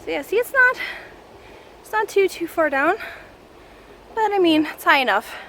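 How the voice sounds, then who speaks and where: A Canadian woman makes a casual hiking vlog in the woods, breathless, rambling, and packed with fillers. She has a very high, fairly bright voice with lively intonation and a moderate pace. Faint outdoor background noise comes through.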